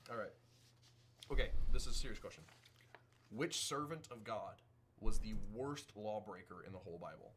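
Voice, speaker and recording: A man co-hosting a live podcast, telling jokes with deadpan setups. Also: on the low side, normal speed, long pauses, a little hiss or hum. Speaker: podcast co-host. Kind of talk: telling jokes in casual chat.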